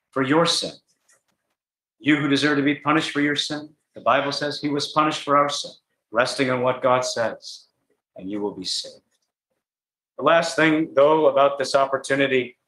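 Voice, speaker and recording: A male preacher delivers a gospel sermon in a large tent. His tone is bright and forceful, and he presses the crowd with urgent, earnest rhetorical questions. The sound carries a roomy echo from the tent. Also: medium pitch.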